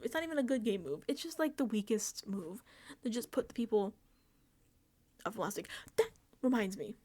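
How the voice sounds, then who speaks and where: A woman host giving a casual, animated recap of a reality show, laughing often and sounding exasperated. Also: fairly high pitch.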